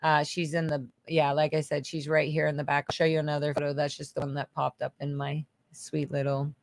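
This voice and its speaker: A woman's voice: low-pitched, level tone, fairly quick, no room sound. A woman hosting a casual livestream Q&A, reading viewer comments aloud and chatting back with loose, casual swearing. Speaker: livestream host.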